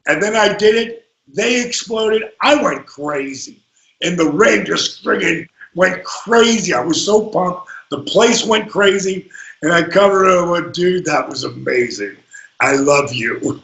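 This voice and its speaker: A man, a former pro wrestler, telling animated stories on a podcast and acting out the quotes, swinging between hushed and shouted. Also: high voice, measured pace, highs cut off. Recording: roomy echo.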